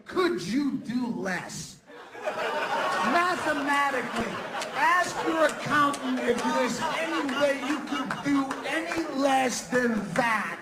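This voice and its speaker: Gravelly, high-pitched ranting comedian. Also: male voice, lively intonation, slow, over a noisy crowd, rough recording. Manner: ranting, sarcastic, mock-shouting. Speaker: stand-up comedian. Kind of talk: stand-up comedy set. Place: comedy club stage. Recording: live club recording with audience laughter. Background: audience laughter.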